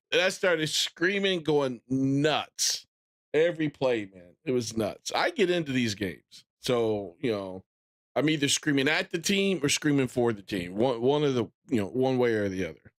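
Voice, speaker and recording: A man in his thirties chatting casually on a live stream, animated and breaking into loud excited bursts as he retells things. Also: mid-range voice, measured pace. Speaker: gaming streamer.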